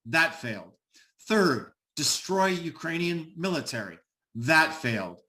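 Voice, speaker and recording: A man's voice: fairly high pitch, big pitch swings, a little slow, sharp tone. A middle-aged American man speaking emphatically on an online panel, with frequent "uh" fillers and repeated words. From United States.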